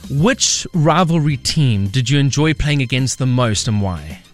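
A man hosting a radio show, asking questions in an enthusiastic, lively way. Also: mid-range voice, measured pace, faint music behind. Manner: lively, enthusiastic, laughs often. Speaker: radio host. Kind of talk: upbeat radio interview. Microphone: studio mic.

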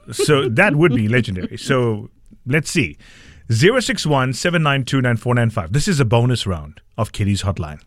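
A man's voice: medium pitch, big pitch swings, moderate pace, dry recording. A man hosting a breakfast radio show, bantering animatedly and laughing easily.

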